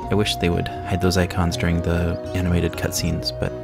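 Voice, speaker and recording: A man casually commenting on a game he plays, explaining mechanics in a relaxed, self-correcting way into a sensitive desk mic. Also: low voice, a little fast, vocal fry. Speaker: let's play host. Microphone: sensitive desk microphone. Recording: game music under the voice.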